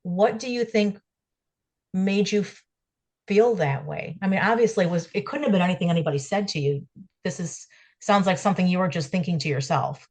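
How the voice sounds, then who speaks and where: A woman hosting a podcast interview, asking questions in a gentle, careful way. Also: fairly low pitch, a little fast. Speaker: podcast host.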